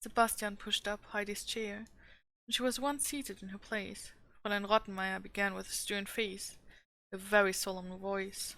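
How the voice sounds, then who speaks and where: A woman reads a classic children's novel aloud in a calm, steady storytelling voice. Her tone has a noticeable gravelly fry at mid pitch. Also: moderate pace. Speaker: streamer reading a novel aloud.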